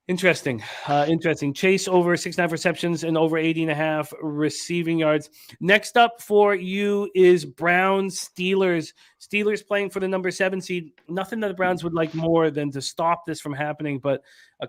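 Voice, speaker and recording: Male host of a sports betting show, slightly raised pitch, brisk delivery. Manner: brisk, reads out picks and chat comments. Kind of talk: sports betting radio talk.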